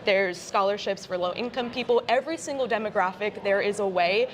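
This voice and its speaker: A woman arguing her side in a live debate, earnest and quick, talking over her opponent. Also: medium pitch. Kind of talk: live debate in front of a crowd. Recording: crowd noise behind the voice.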